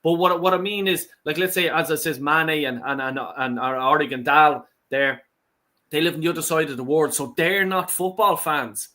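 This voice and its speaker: A man co-hosting a fan channel vents with indignation, stumbling over his restarts. His voice is bright and tense, sitting a little high. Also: moderate pace. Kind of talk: heated casual fan talk.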